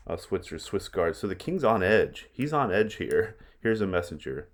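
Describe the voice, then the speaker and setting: Low-voiced casual male teacher. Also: big pitch swings, moderate pace, few pauses. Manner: casual, paraphrases in everyday words. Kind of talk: reading and explaining a play.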